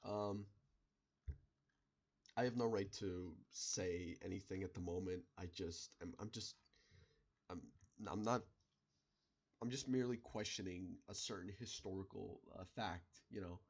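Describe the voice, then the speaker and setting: A man in an unscripted solo monologue, rambling and halting, with many restarts, fillers and the odd swear word. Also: sits low, husky. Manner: swears in passing. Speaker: video creator.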